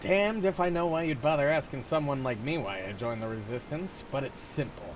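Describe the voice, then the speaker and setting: A man's voice: mid-range voice, brisk, noisy background, pitched above the performer's own voice, natural voice. A man reading as a blunt hardened soldier. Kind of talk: reading game dialogue aloud.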